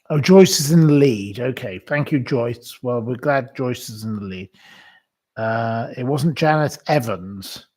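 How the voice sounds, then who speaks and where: Guy running a live quiz stream, slow and rambly, reads out viewers' answers. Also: mid-range voice, a little mellow, breathy edge. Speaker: livestream quiz host. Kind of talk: casual live quiz chat.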